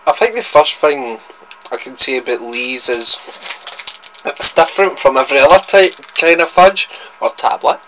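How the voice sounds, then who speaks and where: A man's voice: fairly high pitch, lively intonation, normal speed, fairly bright tone, a little hiss or hum, low-quality recording. A young Scottish man with a Scottish accent, chatting casually as he tastes sweets on his food vlog, rambling and correcting himself as he goes. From Scotland. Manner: rambling, chatty, self-interrupting. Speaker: food vlogger.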